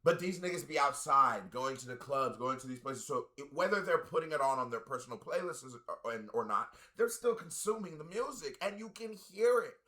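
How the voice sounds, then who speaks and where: A man reacting to a rap song in casual commentary, often bursting into loud, high exclamations. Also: lively intonation, a little fast, few pauses. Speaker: music reaction YouTuber.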